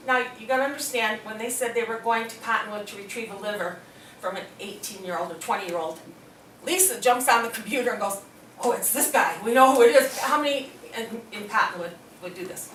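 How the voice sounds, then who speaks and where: A woman's voice: mid-range voice, brisk, a little hiss or hum. A middle-aged woman telling a story to an audience in a hospital meeting room, acting out other people's words as she goes. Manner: animated, acts out quoted voices. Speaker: speaker at a hospital presentation. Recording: echoey room, mic from a distance.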